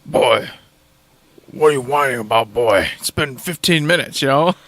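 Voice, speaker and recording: A man voicing a gruff, stern middle-aged warrior father who talks in a low, dismissive grumble. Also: lively intonation, normal speed, a bit bright, dry recording, lightly acted.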